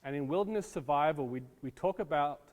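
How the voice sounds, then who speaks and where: A man's voice: on the high side, brisk. A man giving a casual lecture on disaster preparedness to an audience, with many ums, from the United States. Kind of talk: classroom lecture. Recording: long reverb in a hall.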